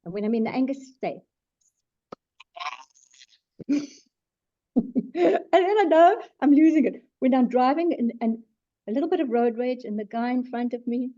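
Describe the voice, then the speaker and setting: A middle-aged woman, a psychologist giving a webinar talk in an animated, emphatic way with self-deprecating asides. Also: sits high, moderate pace, pauses often. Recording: dull lo-fi webinar audio.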